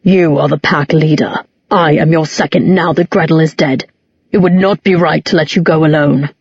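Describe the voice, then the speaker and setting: A woman voicing a loyal werewolf man, second of his pack, in a growling, flat voice, from an audiobook reading. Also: low-pitched, normal speed, breathy edge, no room sound. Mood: firm. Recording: dull lo-fi audiobook recording.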